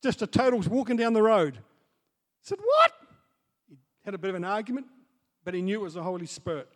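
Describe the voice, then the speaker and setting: High-voiced man preaching in an echoing hall. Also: very fast. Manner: swings from soft asides to loud excited storytelling. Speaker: pastor. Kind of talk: sermon. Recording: long hall reverb.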